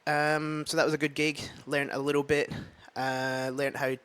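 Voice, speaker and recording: A man's voice: a little high, flat delivery, moderate pace, a bit bright, clean tone. A man with a Scottish accent, an open mic comedian, chatting casually in a vlog, rambling and thinking aloud with many fillers. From Scotland. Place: at home with a dog.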